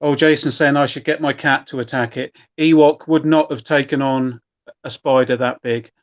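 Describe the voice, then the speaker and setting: A man's voice: medium pitch, steady tone, normal speed. Chatty man on a dull mic. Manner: apologetic, chatty storyteller. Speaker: co-host. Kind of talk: casual live-stream chat. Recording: slightly dull lo-fi audio.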